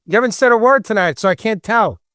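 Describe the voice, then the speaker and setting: A man with a Long Island New York accent and a loud, distinctive voice, joking and chatting as a podcast host. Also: high voice, quick pace, no echo, studio quality. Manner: animated, joking, talkative. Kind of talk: casual podcast chat.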